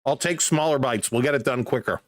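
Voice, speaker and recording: A man casually calling football play-by-play on a live stream, chatting excitedly with viewers. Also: medium pitch, brisk, dry recording.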